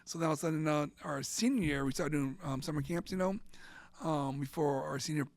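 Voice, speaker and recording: A middle-aged man from central Florida, appearing as an interview guest, tells an emotional story in a rambling way, repeating "and all of a sudden" and at times dropping almost to a whisper. His voice is a little high and brisk, with vocal fry, and there's no echo.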